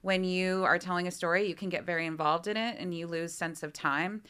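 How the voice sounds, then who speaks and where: Woman, lowish pitch, bright and crisp tone, relaxed and explanatory. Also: brisk. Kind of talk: radio interview.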